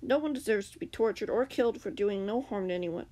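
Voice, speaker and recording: A woman's voice: medium pitch, fast, dark tone, lightly acted. A woman voicing a defiant young male captive in an amateur fanfiction reading, speaking plainly and stubbornly.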